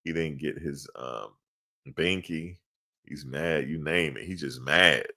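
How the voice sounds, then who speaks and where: A man's voice: a bass voice, slow pace, pushed and bright. A man co-hosting a sports podcast in casual chat, slangy and laughing often.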